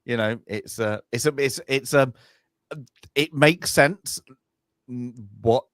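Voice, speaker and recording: A man co-hosting a casual film review chat, halting often and searching for his words. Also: medium pitch, fairly bright tone, no room sound, clean studio sound. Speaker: podcast co-host.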